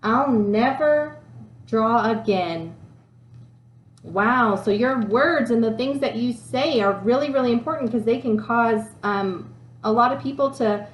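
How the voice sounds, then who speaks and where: Animated teacher woman reading aloud. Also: fairly high pitch, moderate pace. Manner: animated storyteller who reads with many fillers. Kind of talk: classroom read-aloud and lesson. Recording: echoey room.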